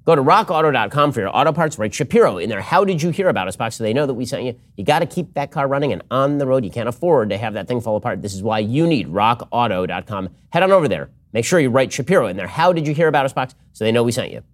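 A man hosting a political commentary show, talking fast and argumentatively, with a read ad segment. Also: medium pitch. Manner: quick, animated, argumentative.

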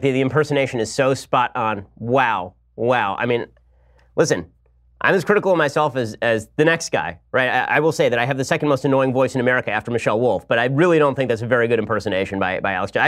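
A man hosting a political commentary podcast, talking in a sarcastic, rapid-fire way. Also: medium pitch, animated, fairly bright tone. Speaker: podcast host.

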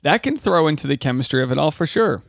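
A man's voice: a little high, expressive, quick pace, gravelly, dry recording, clean studio sound. A man hosting a comedy reaction podcast, cracking jokes and riffing sarcastically between clips with a grating voice. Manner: wisecracking, riffs and asides. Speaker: comedian commentary host.

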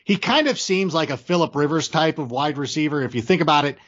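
Chatty man with a higher voice. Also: lively intonation, quick pace, fairly bright tone, lo-fi sound. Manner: chatty, enthusiastic, frequent restarts. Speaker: podcast guest, fantasy football analyst. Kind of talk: casual podcast chat.

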